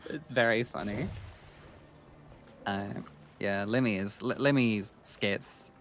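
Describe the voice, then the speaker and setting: A man's voice: lowish voice, slow, slight background noise. A man with a Scottish-tinged English accent, streaming and chatting casually, telling stories animatedly with restarts and swearing. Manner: animated, laughing storyteller with frequent restarts and swearing. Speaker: streamer host. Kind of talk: casual chat.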